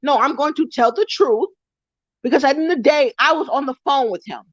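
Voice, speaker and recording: A woman's voice: sits high, brisk, dry recording, dull audio. Heated woman ranting on a livestream. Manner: heated, repetitive, profane ranting. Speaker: live-stream vlogger. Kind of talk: angry ranting live stream.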